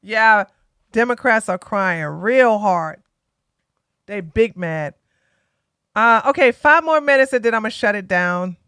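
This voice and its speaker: A woman's voice: mid-range voice, lively intonation, slow, long pauses, fairly bright tone, clear, resonant tone, dry recording, studio quality. A tired woman from Georgia, hosting a casual political live stream and talking bluntly to her chat. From Georgia, USA. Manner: blunt, sassy, talks straight to chat.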